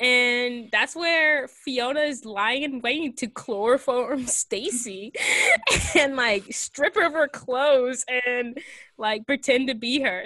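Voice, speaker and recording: A woman casually recapping a film plot in a chatty, rambling way, full of fillers and quick giggles. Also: on the high side, bright, forceful tone, no room sound. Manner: rambling, giggly retelling with many fillers and acted quotes. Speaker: podcast co-host recapping a film. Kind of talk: casual chat.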